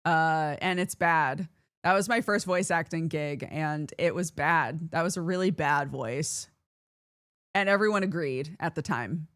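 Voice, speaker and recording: A woman streamer in casual chat with viewers, animated and laughing often as she reads chat aloud. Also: low-pitched, a little slow, no echo, clean studio sound.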